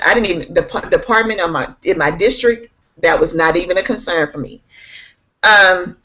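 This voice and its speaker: A woman with a lowish, somewhat bright voice is interviewed casually about being an instructional technology specialist. She's bubbly and keeps laughing, and the recording is lo-fi and a touch muffled.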